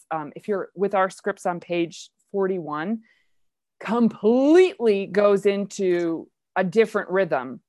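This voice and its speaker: A woman leading a casual play discussion, chatty and enthusiastic with quick asides. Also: medium pitch, dry recording, studio quality. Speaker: discussion leader of a play reading.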